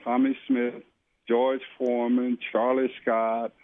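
A man calling in as a guest on a radio show, chatting in a lively, folksy way. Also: mid-range voice, takes it slowly, dry recording. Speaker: guest caller. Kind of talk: casual on-air chat. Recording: tinny phone line, dry.

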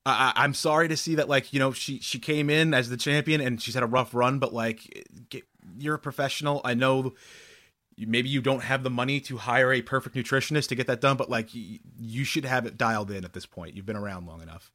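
A man co-hosting a sports talk show, explaining his views in a measured, conversational way. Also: mid-range voice, fairly even intonation, bright, forceful tone. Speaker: sports talk radio co-host.

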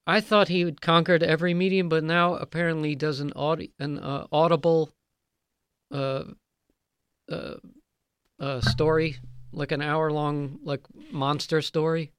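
A man, a guest on a casual comedy podcast, speaking in a halting way. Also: on the high side, little pitch movement, a bit bright, clear, resonant tone, dry recording.

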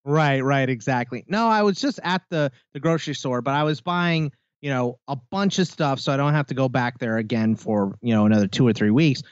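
A man's voice: mid-range voice, fairly quick, hardly any pauses, smooth, dry recording, lo-fi sound. A man co-hosting a podcast, telling a story in casual chat and acting out the people in it. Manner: animated storytelling with quoted voices. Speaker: podcast co-host.

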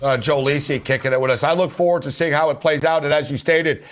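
A man hosting a sports talk radio show, arguing his takes on football trades in an animated, rapid way. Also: on the high side. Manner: animated, rapid, argumentative, keeps addressing his guest.

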